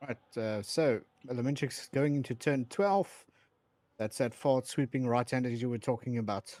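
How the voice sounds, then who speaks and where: Co-commentator with dry quips. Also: male voice, medium pitch, moderate pace, a little mellow. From South Africa. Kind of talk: live race commentary.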